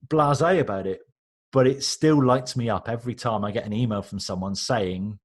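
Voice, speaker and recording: A man with a husky, slightly rough voice, chatting as a podcast guest. He tells stories with energy and slips into the voices of the people he quotes. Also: mid-range voice, moderate pace. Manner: animated, acts out quoted reactions. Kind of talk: casual interview storytelling.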